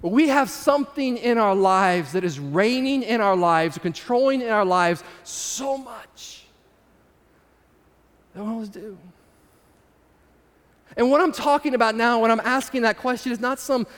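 Male preacher with a high voice, telling a story in a chatty way to a crowd, long reverb of a hall. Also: lively intonation, a little slow, pauses often, a bit bright. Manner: conversational, addresses audience with asides. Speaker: speaker addressing an audience. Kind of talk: storytelling sermon.

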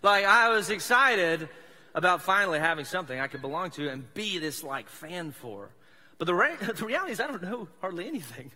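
A man's voice: sits high, expressive, fairly quick, bright, forceful tone. A man from South Mississippi with a Southern accent, preaching a casual, joking sermon as a pastor in a church. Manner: chatty, self-deprecating, joking. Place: church sanctuary. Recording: long hall reverb in church.

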